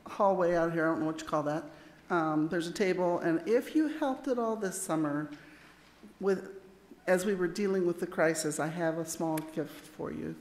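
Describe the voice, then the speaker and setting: A woman thanking camp volunteers at a church meeting, chatty and plainspoken. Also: fairly low pitch. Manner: chatty, self-deprecating, plainspoken. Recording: echoey hall with long reverb.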